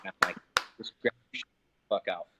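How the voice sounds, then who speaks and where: Heavy background noise surrounds this fast-talking young man, a professional fighter giving a casual phone interview. He tells an angry, profane story, with many fillers in his heated delivery.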